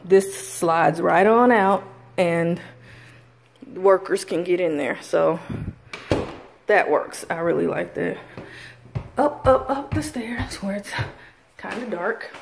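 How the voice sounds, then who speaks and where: A woman's voice: lowish voice, takes it slowly, vocal fry, pauses often, a little mellow, a little hiss or hum. A woman vlogger casually showing rooms of a house as she walks through, rambling with frequent fillers, speaking into a handheld camera. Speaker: vlogger giving a house tour. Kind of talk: casual house tour narration. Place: inside a house, walking room to room.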